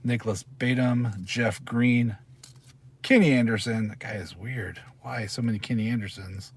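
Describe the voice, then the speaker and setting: A man's voice: mid-range voice, normal speed, slightly rough. A middle-aged man hosting a casual live stream from his parked car, chatting and rambling as he reads out names. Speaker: channel host.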